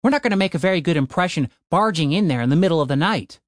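Brief: a man playing a fed-up party leader, higher and lively, curt and swearing. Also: racing, no room sound, studio quality, close to an everyday voice. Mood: exasperated. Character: bossy, exasperated young male party leader.

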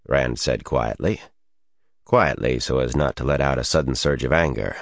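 A man narrating a fantasy audiobook with expressive storytelling. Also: a bass voice, normal speed, gravelly, dry recording, studio quality.

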